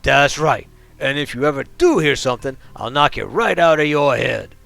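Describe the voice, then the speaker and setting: A man voicing a brutish, rude orc male detective in a game, loud and bullying. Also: medium pitch, very animated, measured pace, creaky, no room sound, faint music behind, exaggerated voice. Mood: gruff.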